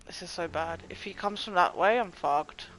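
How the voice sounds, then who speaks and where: A young man chatting casually to his viewers during a game livestream, excitable and swearing often. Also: high-pitched, normal speed, a little hiss or hum, rough recording. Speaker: gaming livestreamer. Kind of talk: casual live commentary to chat.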